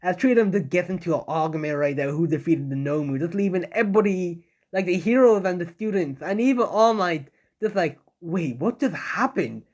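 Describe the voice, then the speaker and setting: A young man improvising a fan story out loud, rambling, with many fillers and self-corrections. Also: high voice, a little fast, hardly any pauses. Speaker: fan-fiction narrator.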